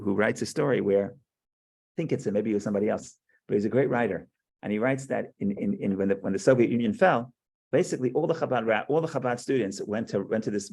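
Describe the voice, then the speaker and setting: A man teaches a Torah class in a loose, conversational way. His voice is gravelly and sits in a middle range. He tells stories, often restarting and repeating words as he goes. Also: medium pitch, darkish tone. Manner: chatty storytelling with frequent restarts.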